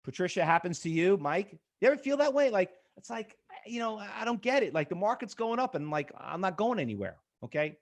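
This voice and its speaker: Pushy high-voiced trading coach man. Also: very animated, fairly quick, hardly any pauses. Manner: rambling, chatty, full of fillers; blunt, pushy with the audience. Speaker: trading educator. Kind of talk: live trading webinar.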